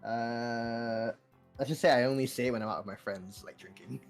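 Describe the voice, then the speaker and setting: Hesitant man trailing off quietly. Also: medium pitch, normal speed, faint music behind. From United Kingdom. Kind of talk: casual chat.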